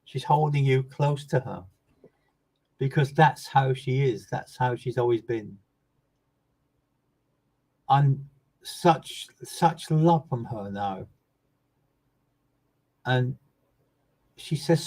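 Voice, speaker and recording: Brief: male medium, earnest and emphatic, mid-pitched voice, repeats phrases, loud bursts that drop to soft asides. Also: slow, gravelly, long pauses, low-quality recording. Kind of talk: live online mediumship reading addressing viewers by name.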